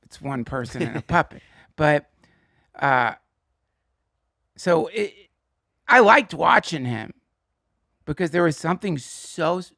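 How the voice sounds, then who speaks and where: A man, a comedian guest, telling profane anecdotes in an animated, casual way with quick asides. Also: on the high side, gravelly, dry recording, studio quality. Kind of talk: casual storytelling interview.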